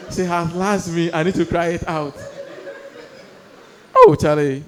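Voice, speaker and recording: A young man doing stand-up storytelling on stage, animated, acting out voices and laughing through his lines. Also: a little high, a little slow, pauses often, a crowd in the background. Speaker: stand-up comedian. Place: comedy stage before a live audience.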